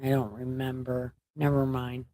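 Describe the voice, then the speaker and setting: A woman's voice: very deep voice, level tone, moderate pace, dark tone, dry recording. A tired woman hosting a late-night livestream, rambling and joking as she chats with her viewers. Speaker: livestream host.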